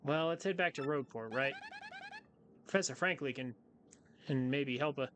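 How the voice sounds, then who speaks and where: A man's voice: medium pitch, normal speed, a bit bright, a little hiss or hum. A man hosting a gameplay video, reading game dialogue and adding playful joking asides. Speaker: let's play host. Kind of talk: casual gameplay commentary, reading dialogue aloud. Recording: game music playing behind.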